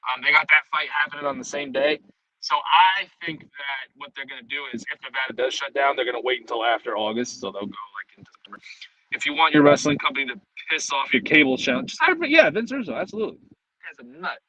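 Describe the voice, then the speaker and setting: Bright, animated New York streamer guy. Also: a little high, fast talker, rough recording. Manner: rambling and profane, jumping between topics. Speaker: streamer host. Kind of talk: casual live-stream chat.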